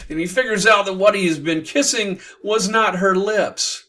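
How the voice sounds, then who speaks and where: Playful lit teacher retelling a classic, bright voice, kinda far from mic. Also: male voice, sits high, moderate pace. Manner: animated, playful, with fillers. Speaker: literature teacher. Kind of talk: lively retelling of a classic tale.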